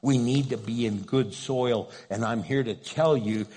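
A pastor preaches a passionate sermon in a medium-pitched voice at a measured pace. He swells into loud pleading, then drops to hushed asides.

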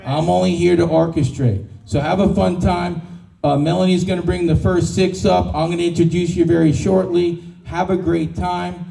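A man emceeing a live pitch event, jovial and reassuring, telling the audience to relax and have fun. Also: fairly even intonation, moderate pace, gravelly, warm tone. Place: large event room in Austin. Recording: echoey room, mic at a distance.

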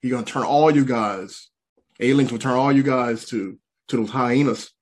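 A man doing stand-up comedy, animated and repetitive, talking straight to the audience. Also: mid-range voice, moderate pace. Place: comedy stage. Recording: live show, faint crowd and noise.

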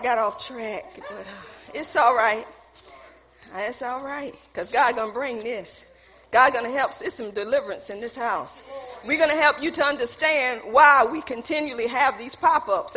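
A woman preaching a lively sermon, laughing and calling out to her congregation. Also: fairly high pitch, measured pace, slightly rough. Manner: calls out to the congregation, laughing, playful. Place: church hall. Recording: reverberant church hall.

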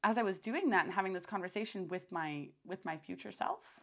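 A young woman hosting her own podcast, talking in a loose, rambling monologue full of fillers and restarts, and getting animated when she retells her own thoughts. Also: mid-range voice, fairly quick. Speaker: podcast host.

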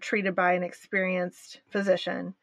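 A woman's voice: lowish voice, completely flat delivery, unhurried, no echo, clean studio sound. A woman co-hosting a podcast, speaking candidly and emphatically in casual chat. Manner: candid and emphatic, with nervous laughs. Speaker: podcast co-host.

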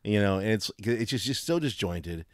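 A man co-hosting a casual podcast, rambling and animated with lots of fillers. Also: lowish voice, normal speed, no echo, studio quality. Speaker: podcast co-host. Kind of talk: casual chat.

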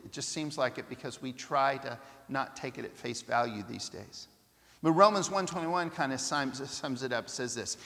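A man preaching a sermon in an animated way, acting out the voices of people he quotes. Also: mid-range voice, moderate pace, gravelly, big-room sound.

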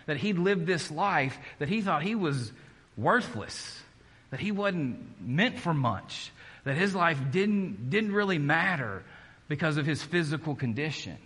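A man's voice: fairly high pitch, very animated, a little slow, a bit bright, husky, long reverb tail. A man preaching a conversational sermon, joking at his own expense and restarting his sentences often. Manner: conversational and self-deprecating, with many restarts. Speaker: pastor.

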